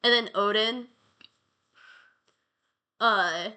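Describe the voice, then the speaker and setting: A woman chats her way through an old myth, full of slang and stumbling restarts. Her tone is bright and forward, at an ordinary mid pitch. It sounds like a casual solo podcast. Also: very slow, clean tone. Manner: rambling, slangy, many restarts. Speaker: podcast host.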